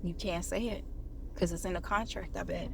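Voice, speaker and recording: A woman's voice: lowish voice, steady tone, moderate pace, creaky, a little hiss or hum. Preachy woman talking straight to viewers. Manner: preachy and conversational, addresses viewers as y'all, quotes scripture, laughs often. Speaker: online commentator. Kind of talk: casual motivational talk to camera.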